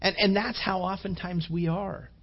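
A male preacher with a notably high voice speaks to a room of young men, rambling through stories with fillers and questions thrown at the crowd. The sound is dull and lo-fi, like an older recording. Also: fairly even intonation, moderate pace, breathy edge. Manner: rambling, chatty, many fillers and rhetorical questions.

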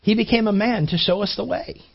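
Husky high-voiced male preacher. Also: fairly quick. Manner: earnest, repeats words as he builds. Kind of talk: sermon storytelling. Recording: dull lo-fi recording.

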